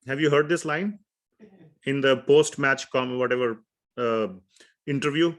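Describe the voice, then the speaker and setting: A man's voice: medium pitch, a little slow, pauses often, a bit bright. Man teaching a scripture class. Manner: conversational, asks the class questions, tells anecdotes.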